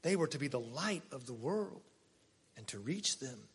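A man's voice: medium pitch, big pitch swings, moderate pace, breathy edge. Man preaching in a reverberant church. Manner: conversational preaching with sudden swings between loud and soft. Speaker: pastor. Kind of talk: sermon. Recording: long hall reverb.

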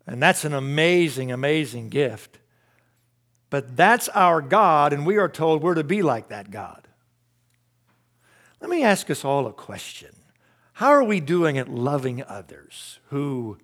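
Man, pastor preaching, fairly high voice, conversational, rhetorical questions, loud then hushed. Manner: dynamic, swings from loud emphasis to hushed asides; conversational with rhetorical questions and self-deprecating laughs. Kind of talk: sermon.

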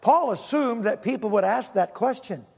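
A man's voice: extremely high pitch, animated, normal speed, creaky, a little mellow, breathy edge, in a large hall. A male pastor preaching a sermon, emphatic and fond of rhetorical questions to his congregation.

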